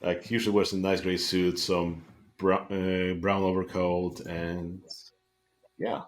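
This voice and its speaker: A man's voice: deep voice, level tone, slow pace. A man playing a tabletop game who chats casually and keeps his answers brief and laid-back. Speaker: player.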